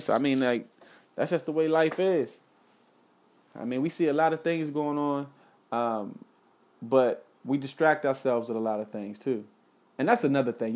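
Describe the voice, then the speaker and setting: A young man with a mid-pitched voice lectures his viewers on life in an earnest, preachy way. His talk is loose and full of slang. He hammers each point home by saying it again. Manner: casual slangy speech with frequent "man" and "y'all". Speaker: vlogger giving life advice. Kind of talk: impassioned direct-to-camera monologue.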